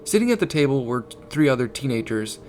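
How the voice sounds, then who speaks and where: A male narrator reads a fan story at a middle pitch, in plain storytelling tones. Soft music plays quietly underneath his voice. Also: fast talker. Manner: reads dialogue in raised, animated character voices. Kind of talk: storytelling reading with character voices.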